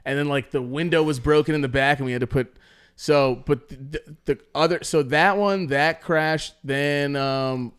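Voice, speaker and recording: A man's voice: fairly high pitch, steady tone, moderate pace, clear, resonant tone. A young man hosting a podcast, telling stories in a rambling, profane way, with many restarts and acted-out quotes. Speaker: podcast host. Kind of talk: casual storytelling chat.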